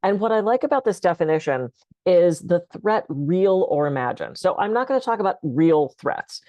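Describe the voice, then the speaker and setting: A woman speaker on a video call, calmly and conversationally guiding listeners through breathing techniques for stress. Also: on the low side, moderate pace, no room sound. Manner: calm, conversational, gently instructive. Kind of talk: guided breathing talk.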